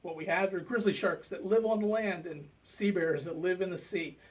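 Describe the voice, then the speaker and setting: A man giving a casual comic book review, relaxed and full of fillers. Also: sits high, normal speed, distant mic. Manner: relaxed, hesitant with many fillers.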